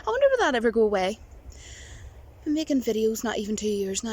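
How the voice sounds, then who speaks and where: A woman's voice: on the high side, sing-song, fast, darkish tone, a little hiss or hum. A woman vlogger chatting casually to camera, rambling and giggling, with a touch of self-mocking nerves. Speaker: movie vlogger.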